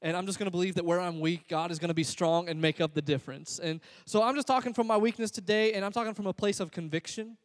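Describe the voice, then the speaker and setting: A man's voice: high voice, fast talker, few pauses, long reverb tail. A man preaching a sermon in an earnest, conversational, self-deprecating way. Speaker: pastor.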